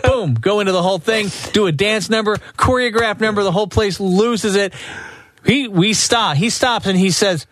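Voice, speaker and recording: A man co-hosting a radio show, telling an animated story and acting out the voices in it. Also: sits high, moderate pace, a little hiss or hum. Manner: lively, acts out voices in his anecdotes. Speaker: radio co-host.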